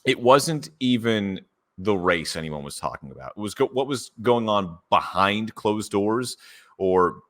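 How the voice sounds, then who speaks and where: A young man hosting a casual sports podcast, smooth and animated, speaking close to the mic. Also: on the low side, a little slow. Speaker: podcast host.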